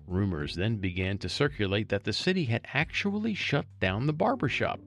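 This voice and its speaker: A man's voice: fairly low pitch, animated, normal speed, gravelly, a bit bright, faint music behind. A man reading a local news story aloud and adding chatty, wry asides as a storytelling host.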